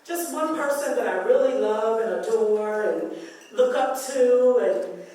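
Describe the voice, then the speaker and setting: A woman's voice: a little high, unhurried, dark tone. A woman minister giving a heartfelt birthday tribute, building rhythmic lists of praise in a preacherly way. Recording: echoey hall from far off. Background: music and crowd murmur.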